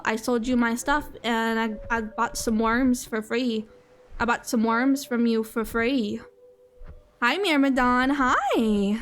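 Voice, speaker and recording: High, bubbly woman streamer. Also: measured pace, faint music behind. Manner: bubbly, gasping, repeats herself playfully. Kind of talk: casual gaming stream chatter.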